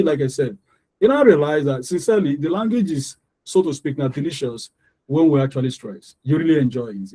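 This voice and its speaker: Guy tutoring english stress patterns, mellow low-key voice, says the example words over and over slow. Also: rough recording. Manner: explanatory, repeats words to demonstrate stress. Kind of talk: online lesson.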